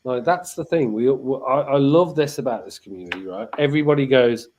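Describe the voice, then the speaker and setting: A man's voice: medium pitch, brisk, a little mellow, slight background noise. An Australian man co-hosting a casual livestream chat, rambling and repeating words, often laughing. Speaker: livestream co-host.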